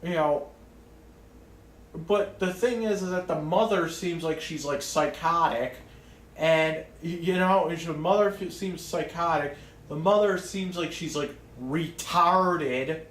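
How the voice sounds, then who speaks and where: A man's voice: fairly high pitch, takes it slowly, fairly bright tone, echoey room, slight background noise. A man ranting casually to camera in a rambling way, swearing often and restarting his sentences. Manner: rambling, profane, many restarts and fillers. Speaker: vlogger.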